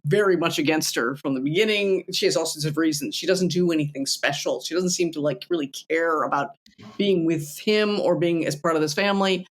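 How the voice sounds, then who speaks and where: Wry, animated woman podcast co-host. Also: sits low, a little fast. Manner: animated, wry, laughs while talking. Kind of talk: casual film chat.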